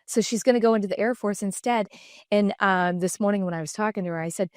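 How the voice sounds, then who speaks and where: Smooth and fast-talking, a middle-aged woman with a mid-range voice tells candid stories as a podcast guest, animatedly voicing the people she quotes. She is a designer and entrepreneur, recorded with a dry, close sound.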